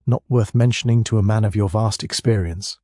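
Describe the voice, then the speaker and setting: A sly, soft-spoken village policeman with a thick Scottish Highland accent, as a narrator puts him on, drawling in a syrupy, mellow tone. The audiobook recording is close and dry. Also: a little fast, no room sound, natural voice.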